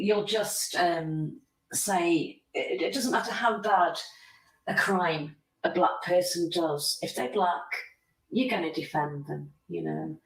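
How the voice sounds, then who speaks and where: Gravelly woman on a livestream. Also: on the low side, distant mic. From United Kingdom. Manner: opinionated, rambling, talks to chatters by name. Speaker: livestream host. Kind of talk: casual livestream chat reading comments. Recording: echoey room, voice away from mic.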